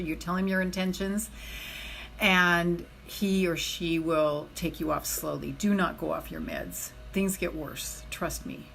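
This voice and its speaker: A woman's voice: sits low, vocal fry, fairly bright tone, a little hiss or hum, poor audio. A middle-aged woman giving a live motivational talk as a self-love coach. She speaks earnestly and chattily, repeats her key phrases for emphasis, and keeps addressing her viewers directly.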